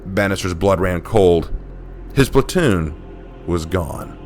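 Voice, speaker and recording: A man telling a dark war story in a steady, dramatic scripted narration. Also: low voice, slow pace, faint music behind.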